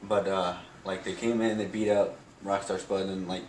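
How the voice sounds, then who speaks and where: A man's voice: sits low, flat delivery, moderate pace, darkish tone, far from the mic. A man co-hosting a casual chat, recapping events in a rambling way with lots of fillers. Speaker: podcast co-host. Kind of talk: casual chat about wrestling. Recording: echoey room, off-mic, faint noise.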